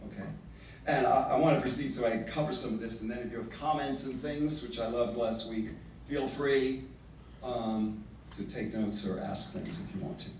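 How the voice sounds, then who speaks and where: A man teaching a livestreamed literature lesson, animated and reading verse slowly and dramatically. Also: mid-range voice, slight background noise. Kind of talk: livestreamed lecture. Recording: roomy, from far off the mic.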